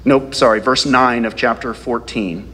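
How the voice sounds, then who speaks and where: A man's voice: medium pitch, unhurried, pushed and bright, husky, in a large hall. A male pastor preaching a sermon, reading scripture aloud and asking the congregation rhetorical questions.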